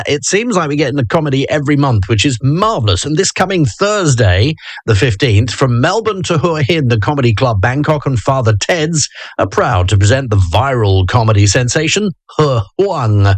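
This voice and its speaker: A man's voice: medium pitch, big pitch swings, normal speed, no room sound. A man hosting a drive-time radio show, reading out event announcements in a chatty, upbeat, self-mocking way from a studio. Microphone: close studio microphone.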